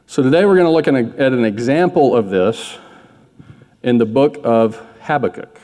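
A man's voice: medium pitch, normal speed, warm tone. Man preaching casually in a reverberant hall. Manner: candid, self-deprecating, conversational preaching. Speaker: pastor. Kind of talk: sermon.

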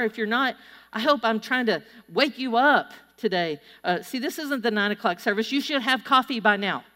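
A middle-aged woman preaching a sermon, telling stories with animated energy and urging her listeners on. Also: fairly high pitch. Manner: animated storytelling, exhorting the audience. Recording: long hall reverb.

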